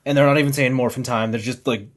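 Dude on a podcast, easygoing, agrees a lot, middle pitch. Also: male voice, steady tone, fast talker. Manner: agreeable, frequent "yeah" backchannels. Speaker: podcast co-host. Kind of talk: casual chat.

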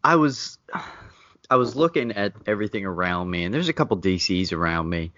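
A man from Pennsylvania with a fairly low voice co-hosts a raunchy comedy podcast, tossing out casual wisecracks. The dry, dull lo-fi recording puts him close to the mic. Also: animated, brisk, a bit bright, no room sound. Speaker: podcast co-host. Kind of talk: crude comedic podcast banter.

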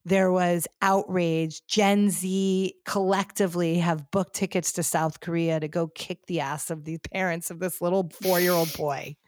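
Woman podcast host, lowish voice, dry close sound, chatty storyteller. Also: unhurried, hardly any pauses, no room sound. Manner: chatty, animated storytelling with many fillers. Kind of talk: casual pop culture chat.

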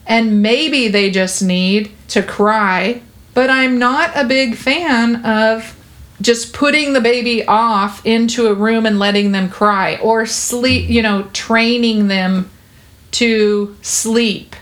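A woman's voice: fairly high pitch, slow pace, a bit bright. A woman talking earnestly and reassuringly in an interview about caring for babies, with plenty of fillers. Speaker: parenting guest. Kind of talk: conversational interview.

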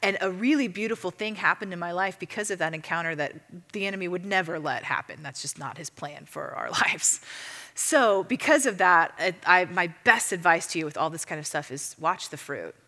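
Bright-voiced woman teaching in a reverberant hall. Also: fairly low pitch, brisk, hardly any pauses. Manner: chatty, filler-heavy, animated storytelling. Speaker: ministry teacher. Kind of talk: casual teaching talk.

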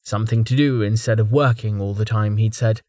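A man narrating a fantasy audiobook in an even, measured way, close to the mic. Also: on the low side, no room sound.

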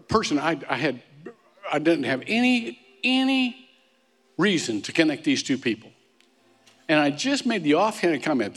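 Male pastor, sermon, chatty storytelling, stumbling restarts, long hall echo. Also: mid-range voice. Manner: conversational storytelling with frequent restarts and humorous asides. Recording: long reverb of a large hall.

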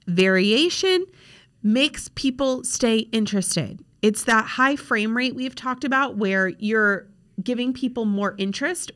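Her voice is a little high with a fairly bright tone. She's a young social media coach hosting a podcast from her laptop at a home desk, casual and candid, with lots of filler words.

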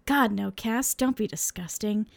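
A woman's voice: medium pitch, unhurried, gravelly. Cocky teasing young man, read by a woman. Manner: flippant, teasing.

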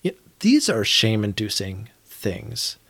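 A man's voice: fairly low pitch, huge pitch swings, slow, creaky, a bit bright, no room sound. Man, thirties, earnest, reflective podcast chat, restarts sentences, dry close sound. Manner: earnest, thinking aloud with restarts. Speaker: podcast co-host. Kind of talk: reflective conversational discussion.

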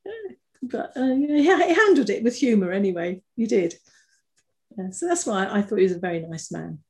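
A woman's voice: medium pitch, lively intonation, moderate pace. Chatty older woman telling anecdotes. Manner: chatty, warm-hearted anecdotes with frequent restarts and laughter. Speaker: interview guest. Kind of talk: casual conversational storytelling.

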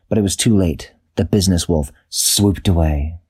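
A man improvising a children's bedtime story, unhurried, searching for words and correcting himself. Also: low-pitched, darkish tone, breathy edge.

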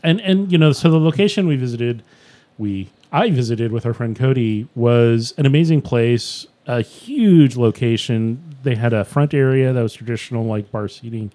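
A man hosts a casual podcast, rambling enthusiastically and restarting his sentences as he talks. His voice has a warm, mellow tone, and his pitch sits in a middle range. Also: moderate pace. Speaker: podcast host reviewing beer. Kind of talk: casual chat.

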